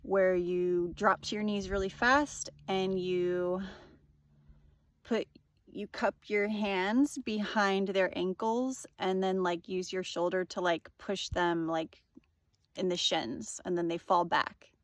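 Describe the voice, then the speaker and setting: A woman's voice: lowish voice, steady tone, slow, no room sound, studio quality. A young woman telling a personal story in a casual, rambling monologue, full of fillers and swearing. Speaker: vlogger.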